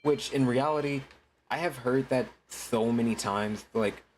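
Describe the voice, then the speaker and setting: A man's voice: mid-range voice, a little hiss or hum. Rambling, cursing male streamer. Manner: rambling, many restarts and swearing; uses a deliberately put-on streaming voice. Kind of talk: casual livestream chat.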